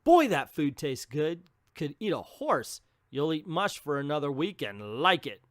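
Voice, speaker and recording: A man tears into an old comic with casual, mocking commentary. His fairly high voice swings up and down all the time. The sound is close and dry, with no room echo. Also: big pitch swings, unhurried. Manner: sarcastic, mocking. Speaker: comic book reviewer.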